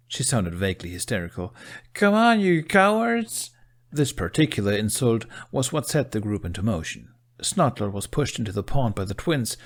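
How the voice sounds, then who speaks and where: Low-voiced man narrating a fanfic. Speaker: audiobook narrator. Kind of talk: fan fiction audiobook narration.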